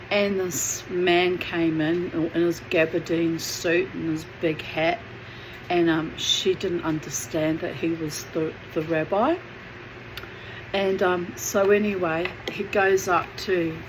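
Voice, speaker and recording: A woman's voice: on the low side, fairly even intonation, takes it slowly, noisy background. A woman telling a family memory in a chatty, digressive way with plenty of fillers. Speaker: memoir narrator. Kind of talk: casual storytelling.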